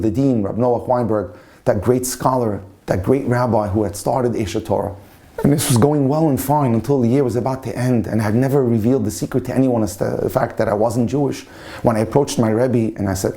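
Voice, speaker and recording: A man speaks as a rabbi telling a story to listeners. His voice is warm and mellow, and he leans into each turn of the tale with passion. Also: mid-range voice. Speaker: rabbi and lecturer. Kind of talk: storytelling talk.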